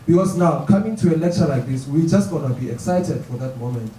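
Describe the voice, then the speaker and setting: A man in the audience making a comment from the floor of a lecture hall, speaking in a halting way and restarting his words. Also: a little high, lively intonation, mellow. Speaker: audience member. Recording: echoey hall, far from the mic, faint noise.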